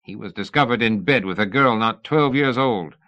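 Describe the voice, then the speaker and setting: A man's voice: lowish voice, normal speed, bright, forceful tone. A man reading a swarthy, belligerent male agent who talks bluntly and coarsely.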